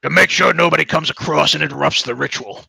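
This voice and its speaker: A man's voice: fairly high pitch, fast talker, gravelly, sharp tone, breathy edge, no room sound, full character voice. A man voicing a trio of moss-covered male bridge trolls who squabble among themselves. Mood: bickering.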